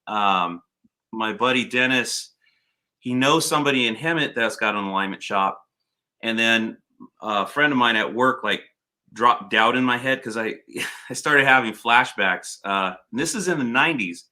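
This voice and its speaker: A man's voice: mid-range voice, normal speed. A man hosting a casual chat, telling stories loosely and swearing freely. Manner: storytelling, swears freely, animated when retelling. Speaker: podcast host.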